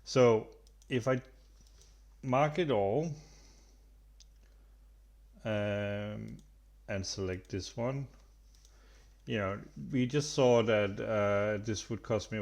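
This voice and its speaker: A man guides viewers through a screen-recorded software tutorial. His voice sits a little low, and he talks in a relaxed, unscripted way. He pauses, backs up and restarts his sentences as he goes. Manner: relaxed, halting, with many fillers and restarts. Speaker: tutorial host.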